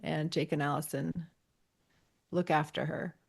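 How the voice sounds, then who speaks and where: A woman's voice: sits low, unhurried, gravelly, slightly rough. Woman co-host animatedly recapping an episode. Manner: animated retelling, acting out dialogue. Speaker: podcast co-host. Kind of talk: casual episode recap chat.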